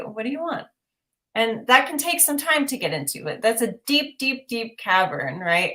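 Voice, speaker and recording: A woman's voice: mid-range voice, fairly bright tone. An upbeat woman hosts an intuitive art reading on a livestream. She talks in a loose, chatty way, full of fillers and rhetorical questions. Her tone stays encouraging and easygoing. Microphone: livestream mic.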